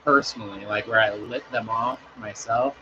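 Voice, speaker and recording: A man's voice: fairly low pitch, steady tone, normal speed, lo-fi sound, background noise. A man chatting casually on a live stream, rambling and swearing in an easygoing way.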